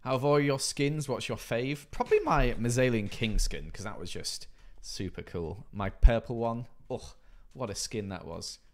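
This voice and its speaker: A man's voice: mid-range voice, animated, moderate pace, few pauses. A man in his thirties, chatting casually with his live stream audience and reading out chat messages in a playful way. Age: 30s. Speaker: livestreamer.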